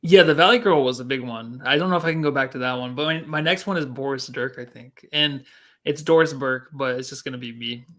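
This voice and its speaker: A man chatting as a guest on a sports podcast, with a bright, forward voice. He is easygoing and pokes fun at himself. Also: mid-range voice, a little fast. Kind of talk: casual sports chat.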